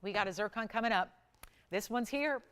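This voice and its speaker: A woman's voice: medium pitch, a little fast, fairly bright tone, clean tone. A middle-aged woman hosting live jewelry sales on a shopping channel, pushing urgent countdown price reveals.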